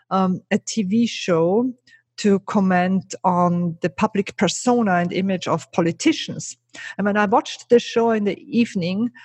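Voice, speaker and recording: Husky-voiced woman telling her story. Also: mid-range voice, a little mellow, no room sound. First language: not English. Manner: earnest, emphatic, asks rhetorical "right?". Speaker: guest, keynote speaker and trainer. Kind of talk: podcast interview storytelling.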